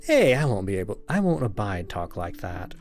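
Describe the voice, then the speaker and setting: A man's voice: fairly low pitch, very animated, moderate pace, a little mellow, soft background music. A man voicing a fond, teasing wife in a horror game. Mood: tender. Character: affectionate adult wife, teasing and tender.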